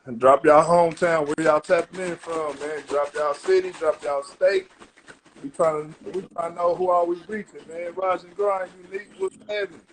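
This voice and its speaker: A man with a high-pitched voice hosts a live stream in casual, slangy chat. He talks loosely, greeting viewers and shouting out friends as he goes. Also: steady tone, normal speed. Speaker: podcast host.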